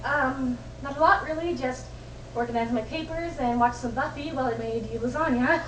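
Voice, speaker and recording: A woman's voice: high-pitched, moderate pace, fairly bright tone, roomy sound, far from the mic, slight background noise, rough recording. An actress playing a chatty young woman who rambles along with lots of fillers. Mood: casual. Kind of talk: indie film acting.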